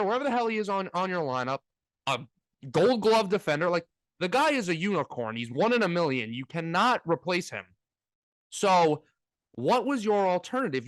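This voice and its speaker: A man's voice: high-pitched, dry recording. A man co-hosting a casual sports talk podcast, ranting with energy and mocking fans in put-on voices.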